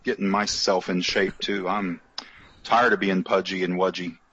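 Male podcast co-host, husky, easygoing and jokey. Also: sits low, level tone, moderate pace, fairly bright tone, no echo, highs cut off. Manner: joking, chatty, storytelling. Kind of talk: casual chat.

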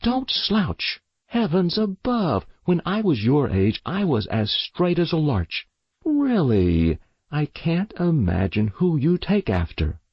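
Storybook read-aloud: man voicing a sharp-tongued scolding mother, raised voice, dull dry sound. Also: fairly low pitch, huge pitch swings, moderate pace, vocal fry, slightly rough, dry recording, pitched above the performer's own voice, heavily acted. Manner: sharp, nagging.

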